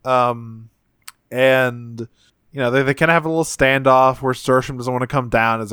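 Smooth-voiced man recapping casually. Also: medium pitch, steady tone, fairly bright tone, no echo, clean studio sound. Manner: rambling, profane, retells scenes with quick voices. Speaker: podcast co-host recapping a cartoon episode. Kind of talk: casual chat.

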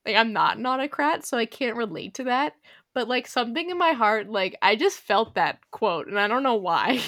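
A woman's voice: on the high side, expressive, moderate pace, fairly bright tone, no echo, studio quality. A young adult woman hosting a podcast, chatting casually about history with lots of fillers and frequent laughs. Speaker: podcast host.

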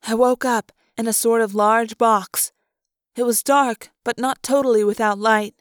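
A woman narrating a novel in the first person, calm and steady, in a fan audiobook. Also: on the high side, unhurried, no room sound, clean studio sound. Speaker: audiobook reader.

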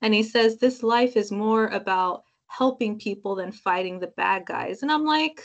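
A woman's voice: medium pitch, moderate pace, muffled recording. A woman co-hosting a podcast, talking casually and chattily with lots of filler words. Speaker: podcast co-host. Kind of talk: casual chat.

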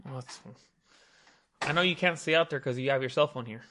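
A man's voice: mid-range voice, a little fast, slight background noise. A man hosting a casual podcast at home, rambling and swearing freely as he chats with his co-host. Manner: profane, rambling and animated. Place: home podcast set with green screen.

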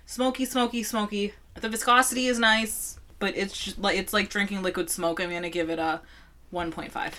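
Bright young woman telling a story. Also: mid-range voice, fairly even intonation, normal speed. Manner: storytelling, laughing, swears. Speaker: podcast co-host. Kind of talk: casual chat, beer tasting.

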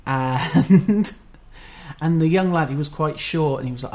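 A man co-hosting a podcast in casual, rambling chat, self-deprecating and quick to laugh. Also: on the high side, darkish tone. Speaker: podcast co-host.

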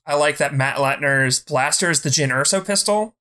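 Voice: mid-range voice, moderate pace, bright, forceful tone. Blunt, profane podcast co-host. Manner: blunt, profane, heated ranting; repeats words when starting. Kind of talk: casual chat.

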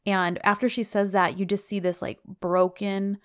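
A woman co-hosting a casual podcast, retelling a TV scene in animated detail and reading out the dialogue. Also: mid-range voice, moderate pace. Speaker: podcast co-host recapping a TV episode. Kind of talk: casual chat.

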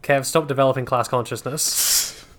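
A man's voice: medium pitch, steady tone, normal speed, fairly bright tone. A man playing a tabletop role-playing game with a dry, sarcastic manner. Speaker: player.

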